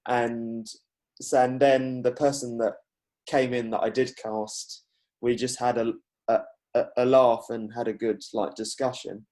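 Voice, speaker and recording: A man hosting a podcast, chatting casually with a guest and telling stories, with lots of "like" and quick agreement. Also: medium pitch, flat delivery, darkish tone. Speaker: podcast host.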